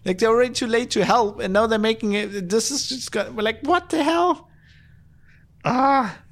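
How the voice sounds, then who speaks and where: A man's voice: high-pitched, a little fast, a bit bright. A man hosting a podcast, ranting in exasperated, profane bursts full of restarts and fillers. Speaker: podcast host.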